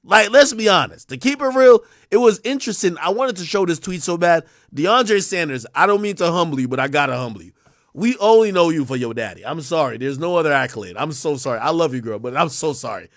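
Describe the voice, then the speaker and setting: Male streamer, young adult, high and very animated, rambling profane rants, dry mic. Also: fairly quick, no echo. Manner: animated, swings from mumbling to shouting. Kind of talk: live-stream commentary.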